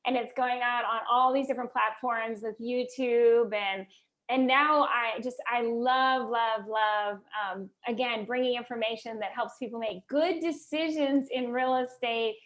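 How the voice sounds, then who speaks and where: A woman who works as a real estate radio host, telling her story as an interview guest in an animated, exclamatory way. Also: fairly high pitch, unhurried.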